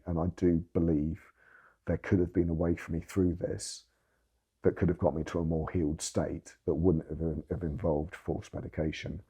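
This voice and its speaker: Deep, husky man recounting his story. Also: warm tone. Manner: earnest, emphatic, swears for emphasis. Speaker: interviewee sharing his story. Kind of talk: candid personal testimony.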